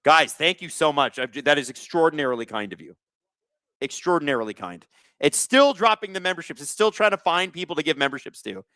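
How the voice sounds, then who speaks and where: Animated young-sounding male stream host. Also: a little high, a little fast, no room sound. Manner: chatty, thanks viewers, calls plays. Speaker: live watch-along host. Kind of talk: casual live-stream hockey commentary.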